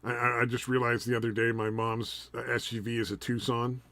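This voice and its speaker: A man's voice: medium pitch, little pitch movement, quick pace, pushed and bright, dry recording. A man co-hosting a podcast in casual chat, swearing freely and laughing often. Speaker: podcast co-host.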